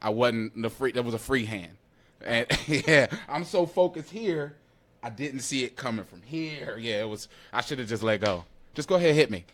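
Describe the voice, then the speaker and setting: A man, co-hosting a podcast in casual chat, animated and laughing as he acts out quotes. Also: medium pitch, normal speed. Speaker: podcast co-host.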